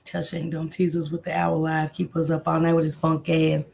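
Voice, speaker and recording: A woman's voice: low voice, monotone, moderate pace, creaky, darkish tone. A woman hosting a casual livestream, greeting viewers by name and rambling loosely between comments. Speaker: livestream host.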